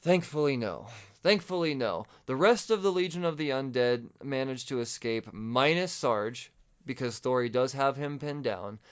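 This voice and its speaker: A man hosting a podcast, recapping a comic book story in a rambling, excited and profane way. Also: mid-range voice, normal speed, clean tone. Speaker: podcast host. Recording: dull lo-fi audio.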